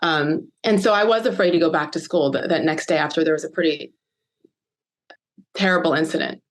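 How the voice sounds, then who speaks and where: A woman in her fifties from the United States, telling a personal story as a podcast guest, earnest and emotional with pauses. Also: deep voice. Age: 50s. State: choked up.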